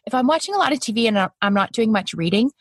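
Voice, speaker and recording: A woman hosts a casual chat, responding warmly and talking freely about her own life. Her voice sits a little high and sounds close and dry. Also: animated, quick pace, husky, no echo. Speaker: host.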